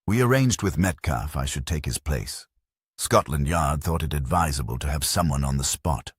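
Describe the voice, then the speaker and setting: A gruff, steady police inspector barks short, clipped sentences, played by a male narrator. The voice is deep and husky, and the recording sounds dry. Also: normal speed, no room sound, exaggerated voice. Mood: brisk. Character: gruff calm police inspector, middle-aged.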